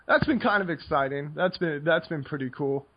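High-voiced, tired American man rambling. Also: expressive, moderate pace, highs cut off, slight background noise. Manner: rambling, filler-heavy, laid-back. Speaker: podcast co-host, poker coach. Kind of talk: casual podcast chat.

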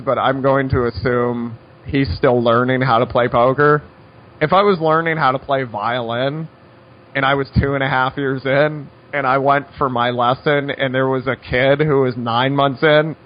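Guy breaking down poker hands, wry asides, a bit muffled lo-fi sound. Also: medium pitch. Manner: wry, conversational storytelling with dry asides. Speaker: poker coach. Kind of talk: instructional poker talk.

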